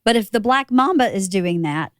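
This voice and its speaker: A woman co-hosting a casual podcast, asking direct and curious questions. Her voice is smooth and clear, recorded close and dry. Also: medium pitch, expressive, moderate pace, dry recording. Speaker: co-host.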